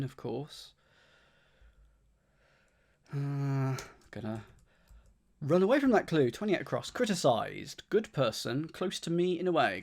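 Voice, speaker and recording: A man with a gravelly edge to his voice works through crossword clues aloud, half to himself. He murmurs each clue again as he thinks, in a casual, thinking-aloud way. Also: mid-range voice, a little mellow. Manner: muses half to himself, repeats clues under his breath, thanks chat by name. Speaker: streamer solving a crossword.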